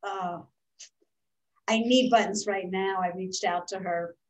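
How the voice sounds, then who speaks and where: A woman's voice: medium pitch, steady tone, slow, rough recording. Casting: older American woman host, chatty storyteller, laughs at herself. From Philadelphia, United States. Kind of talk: casual video chat.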